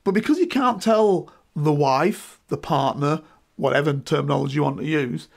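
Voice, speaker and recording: A middle-aged man, appearing as a guest in a casual discussion, speaks emphatically and with animation, often checking in with "right?" His voice is a little high and gravelly, at a moderate pace.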